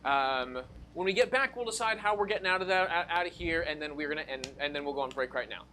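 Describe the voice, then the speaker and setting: A man's voice: fairly high pitch, quick pace, background noise. A man narrating as dungeon master of a streamed tabletop game, loose and rambling, with restarts and asides.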